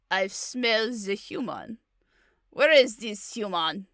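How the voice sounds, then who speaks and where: Brief: woman doing a suspicious male fairy-tale witch, put-on Russian accent, slow and menacing, pitch lurching around. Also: lively intonation, a bit bright, dry recording, clean studio sound. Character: gruff male Baba Yaga, suspicious witch sniffing out humans.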